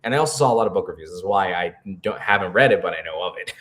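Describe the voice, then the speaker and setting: Low-voiced man rambling on a live stream. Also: racing. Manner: rambling, animated, full of "like" fillers. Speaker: co-host. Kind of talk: casual live-stream chat.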